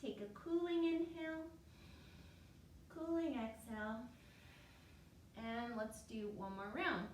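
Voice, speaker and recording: A woman leading a yoga class, giving calm step-by-step cues on each breath, a little out of breath. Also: a little high, a little hiss or hum. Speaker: yoga teacher. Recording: echoey room, mic far off.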